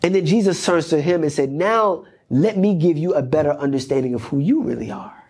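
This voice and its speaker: Husky-voiced pastor preaching. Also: male voice, a little high, animated, fairly quick, a little mellow. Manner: repetitive, emphatic preaching cadence. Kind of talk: sermon. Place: church.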